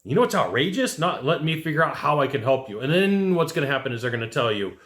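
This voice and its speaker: A man in a casual sales-coaching talk, his voice sitting a little high for a man. He speaks in a loose, conversational way and acts out the lines to use with a customer. The sound bounces around a roomy, echoey space. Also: very animated, fast, fairly bright tone. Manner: conversational, acts out sales scripts, tags points with "right?" and "okay?". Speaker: sales trainer for HVAC technicians. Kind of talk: casual instructional talk to camera.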